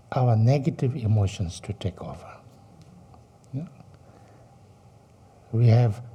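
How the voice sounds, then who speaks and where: Man giving a dharma talk, real slow, super dark and husky voice. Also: mid-range voice. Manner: slow, halting, many fillers and rhetorical questions. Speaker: Buddhist teacher. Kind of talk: dharma teaching.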